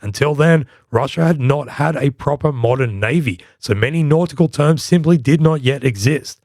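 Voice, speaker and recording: A man's voice: mid-range voice, moderate pace, darkish tone, no room sound, clean studio sound. A man hosting a history podcast, giving scripted narration in a wry, playful storytelling manner.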